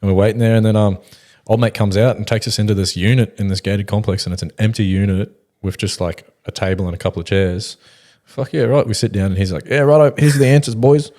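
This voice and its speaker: Fast-talking laid-back Australian bloke. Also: male voice, lowish voice, steady tone, dark tone. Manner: swearing, laid-back slang, fast storytelling. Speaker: podcast co-host. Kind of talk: casual chat, storytelling.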